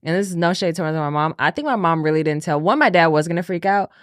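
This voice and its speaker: Una mujer joven, copresentadora de podcast, habla con franqueza en tono de charla, riendo y frenando para recalcar. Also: female voice, lowish voice, no room sound, clean studio sound. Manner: candid, laughing, slows down to stress points. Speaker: podcast co-host. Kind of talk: casual chat.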